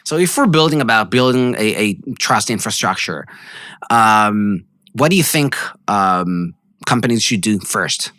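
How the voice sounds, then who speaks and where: A man from Israel hosting a casual business podcast, speaking haltingly with many ums while asking questions. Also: fairly low pitch, lively intonation, a bit bright, no room sound, studio quality. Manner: hesitant, many ums, asks questions slowly. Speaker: podcast host.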